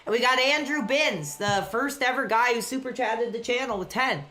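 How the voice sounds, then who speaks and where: A woman talks casually to her live-stream viewers from a dark room at home. Her voice is bright and sharp. She reads out chat messages and breaks into eager play-by-play whenever the match heats up. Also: a little high, moderate pace. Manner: chatty, reads out chat messages between excited play-by-play reactions.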